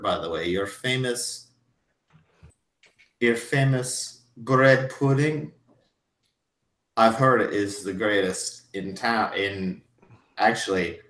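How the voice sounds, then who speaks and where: A game master puts on a swaggering, belligerent old drinker who brags loudly of being a war hero. His voice rings in a roomy space, brash and pushy, never letting anyone else talk. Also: lowish voice. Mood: flattering. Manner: boastful, belligerent, loud. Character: old drunken belligerent Scottish man boasting. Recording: roomy echo.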